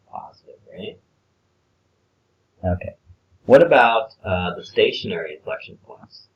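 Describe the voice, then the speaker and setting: A man's voice: low-pitched, highs cut off. A man talking through a math worksheet in a casual screencast lesson, explaining step by step with filler words. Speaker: math teacher.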